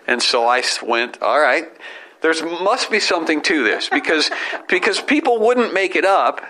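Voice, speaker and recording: Bright-voiced rambling comedian man. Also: fairly high pitch, lively intonation, poor audio. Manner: rambling storyteller, quick self-corrections. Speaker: comedian and podcast host. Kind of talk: casual family podcast chat.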